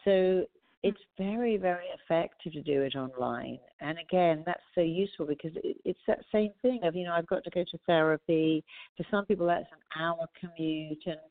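Low-voiced woman therapist on a tinny line. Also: moderate pace, no echo. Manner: lively storytelling, acts out clients' voices. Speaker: therapist and author, guest. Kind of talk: interview conversation.

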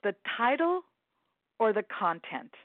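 A woman's voice: fairly high pitch, very animated, measured pace, no room sound. A woman hosting an interview, musing thoughtfully and praising her guest, with frequent ums and restarts. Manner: thoughtful, warm praise, many fillers. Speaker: interview host. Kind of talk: interview conversation. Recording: tinny phone-like line.

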